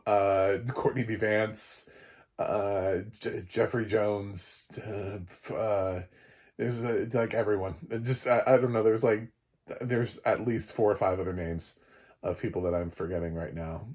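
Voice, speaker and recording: Man, somewhat low voice, casual film review, rambling, lots of ums and restarts, chuckles between thoughts. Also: steady tone, measured pace, a little mellow. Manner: rambling, many fillers and restarts. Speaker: film critic.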